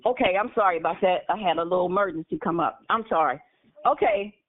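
Woman hosting a prayer call by phone. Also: fairly low pitch. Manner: warm, quick to bless callers. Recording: phone line.

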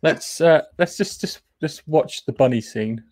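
A man co-hosting a podcast, summarising a film in a halting, casual way. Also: a little high, a little mellow, dry recording, clean studio sound. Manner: halting, with fillers and pauses. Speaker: podcast co-host.

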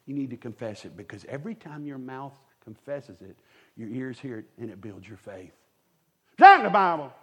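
A man's voice: medium pitch, mellow, husky. Folksy man preaching a sermon. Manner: folksy, humorous storyteller with quick asides to the congregation. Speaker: pastor. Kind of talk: storytelling sermon. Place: church sanctuary with a live congregation.

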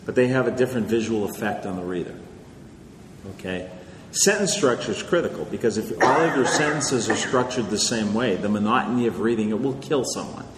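A male author answering audience questions in a conversational, lecturing way, often checking in with "okay?". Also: medium pitch. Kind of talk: live Q&A talk. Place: large hall with audience. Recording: echoey hall, faint noise.

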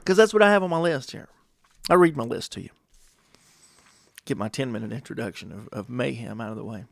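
Gravelly man rambling with rhetorical questions. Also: mid-range voice, animated, a little fast, no room sound. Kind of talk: casual monologue.

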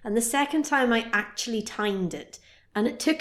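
A woman's voice: a little high, lively intonation, moderate pace, echoey room. A woman co-hosting a podcast, chatting casually and animatedly as she retells a horror film with playful sound effects. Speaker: podcast co-host.

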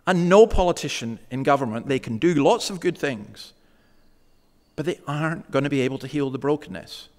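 A man preaching a sermon in a church, talking conversationally and slowing down to stress key words. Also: a little high, expressive, long reverb tail. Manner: conversational preaching, slows for emphasis.

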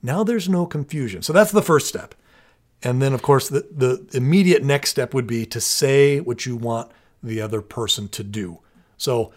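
With a medium-pitched voice at normal speed, this parenting podcast co-host earnestly explains parenting steps one at a time. His casual, conversational explanation includes many restarts.

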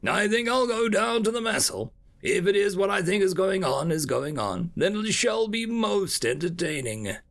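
A man's voice: high voice, big pitch swings, moderate pace, gravelly, few pauses, a bit bright, voice pushed up, exaggerated voice. A man voicing a towering red bird-like male alien commander with a brusque, commanding manner. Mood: imperious.

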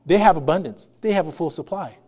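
A man's voice: fairly high pitch, fast talker, darkish tone. A male pastor preaching a conversational sermon, laughing often and acting out quotes.

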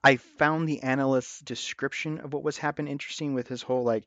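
A man's voice: mid-range voice, steady tone, normal speed, no echo. A man co-hosting a casual film review chat, animatedly retelling scenes. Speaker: podcast co-host. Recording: dull, dry lo-fi audio.

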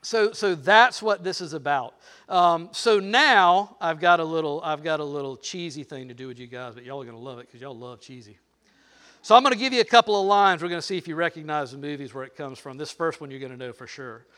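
A man's voice: fairly high pitch, lively intonation, a little fast, pushed and bright. An older man preaching a sermon, playful and teasing, talking straight to the crowd. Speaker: pastor.

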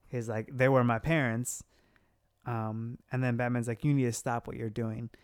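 A man in casual chat, retelling a story in an animated way and quoting the characters with laughs. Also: mid-range voice, normal speed, clean tone, no echo, clean studio sound. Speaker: podcast co-host recapping a story.

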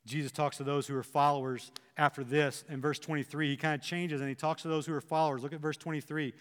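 A male pastor delivers a sermon, animated and slipping into the imagined voices of his listeners. His voice sits high for a man. The sound carries a long reverb, as from a large hall. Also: quick pace.

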